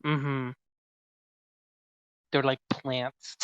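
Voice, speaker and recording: Young male co-host with a sharp, bright voice, deadpan quips, recorded dry on a dull lo-fi mic. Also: mid-range voice, extremely slow, smooth, no room sound. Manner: dry, offhand jokes and quiet "mm-hmm" agreement. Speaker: podcast co-host. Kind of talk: casual chat.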